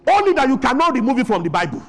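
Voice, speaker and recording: High, lively pastor preaching. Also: male voice, rapid-fire, music in the background. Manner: preaching with call-and-response questions to the congregation. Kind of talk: sermon.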